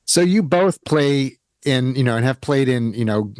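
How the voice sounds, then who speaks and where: A man's voice: medium pitch, expressive, moderate pace, darkish tone, dry recording, studio quality. Male podcast host asking questions. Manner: conversational, hesitant questions. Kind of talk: interview questions.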